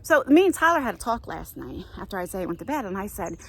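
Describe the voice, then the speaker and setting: A woman's voice: mid-range voice, big pitch swings, quick pace, creaky, fairly bright tone, slightly rough. A woman in her forties telling a story in a chatty walk-and-talk vlog outdoors on a nature trail, filming herself on a handheld phone. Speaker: vlogger.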